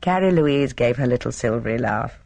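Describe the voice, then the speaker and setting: A measured audiobook narrator with a gravelly, fry-edged voice at a middle pitch. The reading is steady and even. The recording is close and dry, with no room sound. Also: dry recording. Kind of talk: scripted narration.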